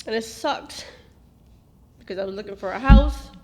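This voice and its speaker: Middle-aged mother as host, high-pitched, reminiscing and switching into Spanish. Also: moderate pace, dark tone. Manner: switches into Spanish, acts out quotes. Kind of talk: emotional family reminiscing.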